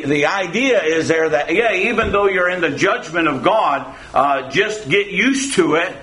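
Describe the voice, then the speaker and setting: Folksy preacher with a higher voice. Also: male voice, a bit bright. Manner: digressive folksy preaching, fond of asides; repeats "again" and "uh" as he goes. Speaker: pastor. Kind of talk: sermon. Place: church sanctuary. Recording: echoey church hall, faint room noise.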